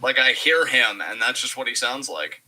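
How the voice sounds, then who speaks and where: A man's voice: mid-range voice, lively intonation, normal speed, pushed and bright, slight background noise, rough recording. A young man co-hosting a live wrestling reaction stream who calls the action and makes dry, sarcastic remarks. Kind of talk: casual live reaction chat.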